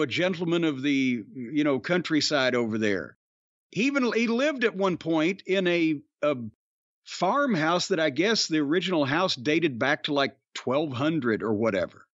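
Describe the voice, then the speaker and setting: High-voiced man telling rowdy stories. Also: dry recording, lo-fi sound. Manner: rambling, profane, animated storytelling. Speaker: former pro wrestler telling stories. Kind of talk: casual podcast chat.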